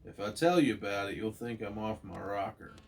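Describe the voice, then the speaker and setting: A man's voice: on the low side, brisk, vocal fry, far from the mic, a little hiss or hum. A man voicing a frazzled, self-doubting young male superhero from a comic, urgent and exasperated. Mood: anxious.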